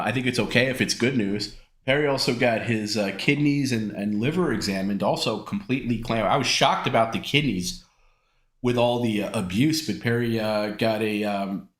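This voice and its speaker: A man co-hosting a live stream, slightly hoarse from a chest cold, dry and teasing in a rambling way. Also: lowish voice, fairly bright tone, roomy sound. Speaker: co-host. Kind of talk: casual live-stream chat.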